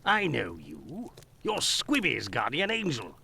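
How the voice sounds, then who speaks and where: A man's voice: medium pitch, wildly swooping pitch, slow pace, gravelly, sharp tone, a little hiss or hum, exaggerated voice. A brash newsman. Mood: boastful. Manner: brash, storytelling, slangy. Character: cocky London male newspaperman, boastful and chatty. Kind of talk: video game voice acting.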